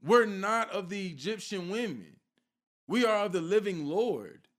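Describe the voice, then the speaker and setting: High-voiced fervent man preaching. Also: animated, measured pace, a bit bright. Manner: fervent, fires rhetorical questions at listeners; repeats a catchphrase question for emphasis. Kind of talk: informal sermon.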